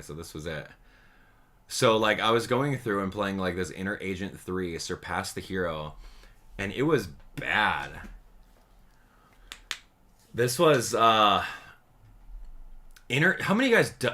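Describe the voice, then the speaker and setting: A man hosting a live stream, chatting casually and excitably with his viewers and laughing often. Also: sits low. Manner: excitable, animated, laughs often, addresses chat directly. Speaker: livestream host.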